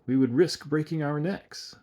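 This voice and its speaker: Brief: wary, deferential village constable, voiced by a man, raised and a bit higher. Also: measured pace, dark tone, lightly acted.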